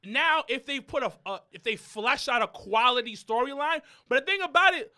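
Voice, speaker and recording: A man co-hosting a podcast in casual chat, animated, building up his points and repeating key phrases. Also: extremely high pitch, moderate pace. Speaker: podcast co-host.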